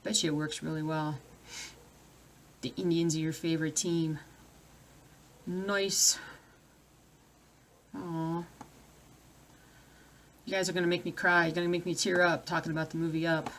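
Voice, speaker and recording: A woman's voice: low voice, level tone, unhurried, pauses often, fairly bright tone, a little hiss or hum. A woman chatting casually on a live stream at home, reading viewer comments aloud and breaking off to deal with her dogs. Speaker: cross-stitch vlogger.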